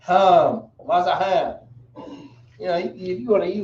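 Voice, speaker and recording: A man teaching a language lesson, spelling words out slowly with casual slang asides. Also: high-pitched, animated, a little mellow. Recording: roomy, dull, from a distance.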